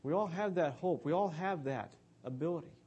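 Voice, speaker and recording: A man's voice: a little high, fairly quick, darkish tone, slightly rough, highs cut off. A man giving an earnest, conversational sermon about scripture.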